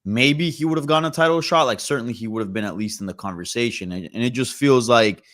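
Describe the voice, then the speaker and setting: A man's voice: mid-range voice, fast, a bit bright. A man gives fight analysis in a casual roundtable. He speaks firmly and directly. He disagrees plainly.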